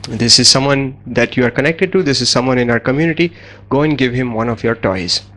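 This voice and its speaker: A man voicing a stern, calm father who speaks firmly to his son in a lowered voice. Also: a little fast, close to an everyday voice.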